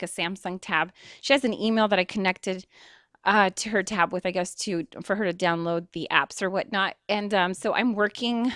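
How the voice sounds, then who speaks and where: Casting note: young woman talk-radio host with a middle-pitched voice, rambling and emotional, quick to laugh, on a dry close mic. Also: a bit bright, dry recording. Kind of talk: casual internet radio talk.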